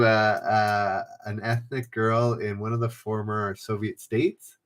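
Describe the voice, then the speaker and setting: A man hosts a live trivia stream from a room at home, reading quiz clues and chatting with viewers, reading their names aloud. He rambles and often corrects himself, speaking at a measured pace in a medium-pitched, slightly bright voice.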